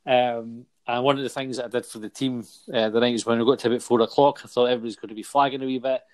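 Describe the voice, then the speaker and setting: A man's voice: medium pitch, steady tone, racing. A young Scottish man hosting a casual football podcast, jokey and chatty, leading the segments. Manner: jokey, chatty, laughs often. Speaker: podcast host.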